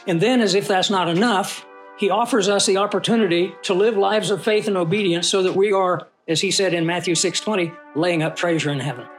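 A man with a fairly high voice leads a Bible class in a relaxed, conversational way. He reads scripture aloud with rising emphasis and keeps asking his listeners questions. Soft music plays faintly underneath. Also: a little fast. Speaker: Bible teacher. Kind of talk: conversational Bible study teaching.

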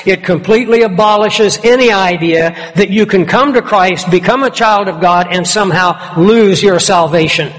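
A man preaching an expository sermon with emphatic, deliberate delivery. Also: high-pitched, a bit bright, soft background music. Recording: long hall reverb.

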